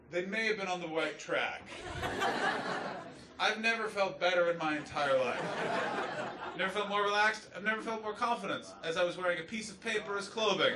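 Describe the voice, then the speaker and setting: A man from Canada doing a stand-up routine on a club stage, swinging from muttered asides to shouted punchlines. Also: high voice. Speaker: stand-up comedian. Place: comedy club stage before a laughing audience. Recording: echoey club from a distance, noisy.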